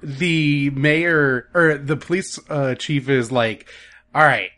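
A man's voice: fairly high pitch, slow, fairly bright tone. Wry man recapping a game plot. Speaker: podcast co-host. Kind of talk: casual chat.

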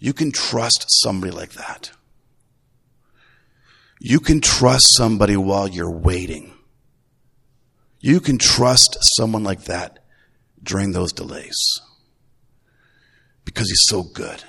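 A middle-aged man, a grandfather, preaching a Sunday sermon in a relaxed, folksy way, full of restarts. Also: deep voice, slow pace, creaky, pauses often, husky. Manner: conversational, folksy, with repeated restarts. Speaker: pastor. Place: church. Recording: long reverb of a church hall.

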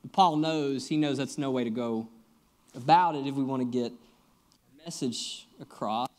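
A man's voice: mid-range voice, measured pace, darkish tone. A young man, a guest pastor preaching a sermon, telling stories and joking with the congregation in a conversational way.

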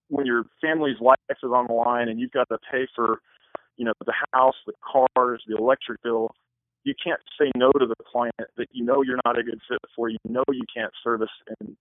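A man's voice: mid-range voice, no echo. A man on a thin, phone-like line, talking in an earnest, rambling way. He answers interview questions casually as a wedding photographer. The sound is dry and close, with no room around it.

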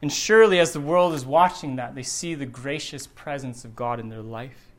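Earnest and deliberate, a middle-aged man gives a sermon in a church sanctuary, repeating phrases to drive points home. He is a pastor with a mid-range voice and a moderate pace.

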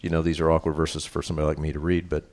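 A man's voice: a bass voice, little pitch movement, rapid-fire, darkish tone. A middle-aged man preaching a sermon as pastor, reading scripture and explaining it in a casual, conversational way, often checking in with a tag question and joking about himself.

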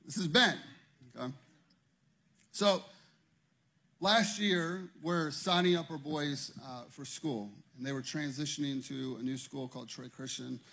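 Husky man preaching a lively sermon. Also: fairly high pitch, unhurried. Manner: conversational storytelling that builds to loud emphatic preaching. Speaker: pastor.

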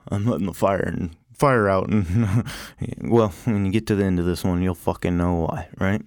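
Man, podcast host, profane rambling rant, slightly low voice, dry close sound. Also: steady tone, moderate pace, darkish tone, no room sound. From lives in Portland. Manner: profane, ranting, wandering off on tangents. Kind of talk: casual rambling monologue. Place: small closet home studio.

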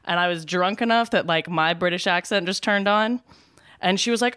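This woman from Alabama co-hosts a podcast and tells funny stories in a casual, animated way. Her voice is smooth and a little low, recorded dry and close to the mic. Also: fairly quick, dry recording. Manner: animated, laughs often. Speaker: podcast co-host. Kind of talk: casual storytelling.

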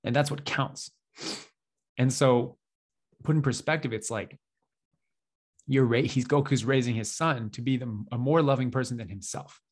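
A man's voice: medium pitch, normal speed, long pauses, slightly rough. A young man co-hosting a podcast, chatting casually, rambling with lots of fillers and little laughs. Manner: rambling, self-deprecating, laughs often, many fillers. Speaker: podcast co-host.

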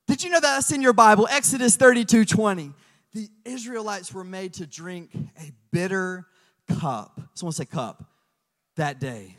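A man preaching a sermon as pastor, telling stories with lively swings from hushed asides to loud emphasis. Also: sits high, normal speed, in a large hall.

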